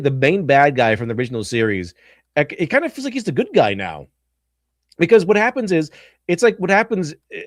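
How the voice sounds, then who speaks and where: A man hosting a live stream who rambles through his commentary, restarting sentences and laughing along the way. His delivery is animated and casual. The recording is dry and close. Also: mid-range voice, dry recording. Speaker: stream host.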